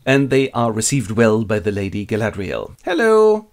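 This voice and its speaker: A man with a German accent telling a fantasy epic as a quick comic retelling, narrating and jumping into character voices. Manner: playful, switches into squeaky voices for characters.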